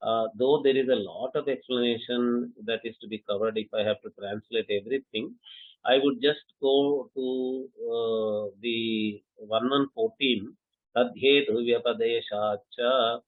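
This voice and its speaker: A man's voice: mid-range voice, no room sound. A man summarizing a scholarly lecture, explaining step by step with frequent hesitations. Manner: hesitant, many uh fillers, measured explanations. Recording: dry phone-like line.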